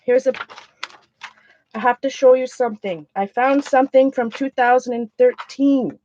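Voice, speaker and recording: A woman's voice: high voice, normal speed, a little mellow, a little hiss or hum. A woman hosting a casual livestream from home, talking in an earnest, rambling, chatty way. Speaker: art channel host. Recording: dull lo-fi sound.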